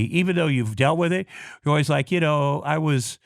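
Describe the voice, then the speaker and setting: This middle-aged guest from Iowa, USA, shares a personal story casually, with frank language, frequent swearing and plenty of stumbles, restarts and repetitions. His voice is a little high with vocal fry. The studio sound is clean, with no echo.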